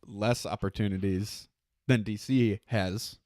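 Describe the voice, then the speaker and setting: A man's voice: fairly low pitch, steady tone, slow, darkish tone, no room sound, studio quality. A man co-hosting a podcast in casual chat, earnestly arguing his points as a comic-book fan. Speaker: podcast co-host.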